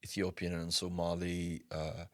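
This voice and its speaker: Low-voiced man rambling on a podcast. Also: completely flat delivery, measured pace, dry recording. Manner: rambling, tangent-prone, many restarts and fillers. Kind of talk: casual podcast chat.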